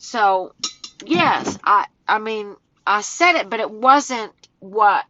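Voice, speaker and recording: A woman vlogging casually while walking home outdoors, talking in a slow, halting way that turns emotional. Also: mid-range voice, expressive, bright, forceful tone. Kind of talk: casual vlog talk. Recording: dull phone audio with faint outdoor noise.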